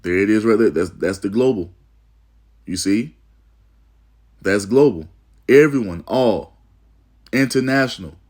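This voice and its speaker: A man's voice: fairly low pitch, measured pace, long pauses, a little mellow. A man preaching about prophecy, reading aloud from an article and breaking into emphatic asides, often repeating "you see" and "man.". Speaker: religious teacher.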